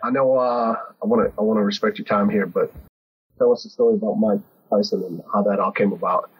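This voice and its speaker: A man hosting a podcast, asking halting questions full of fillers and giving brief agreeing replies. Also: lowish voice, steady tone, husky. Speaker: podcast host. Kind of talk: casual interview. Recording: dull lo-fi sound.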